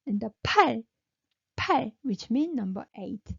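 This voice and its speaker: Korean-accented woman teaching pronunciation, gravelly. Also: fairly high pitch, expressive, normal speed, fairly bright tone. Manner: demonstrates syllables and praises the learner. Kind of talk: pronunciation lesson. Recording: dull lo-fi sound.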